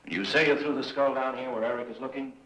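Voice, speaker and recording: Actor playing a calm reasoning reverend. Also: male voice, mid-range voice, fast, a little hiss or hum, lightly acted. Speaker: film character. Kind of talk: 1950s film acting. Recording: roomy old film soundtrack.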